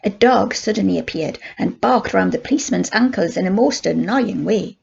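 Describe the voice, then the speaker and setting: An older woman, a grandmother, reading a children's book aloud in steady, plain narration. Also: mid-range voice, normal speed, creaky, husky, lo-fi sound. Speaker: grandmother storyteller.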